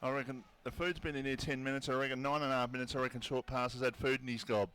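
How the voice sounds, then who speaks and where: A man with an Australian accent commentating a local football match on radio, relaxed and bantering between calls. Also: medium pitch, fast, clean tone.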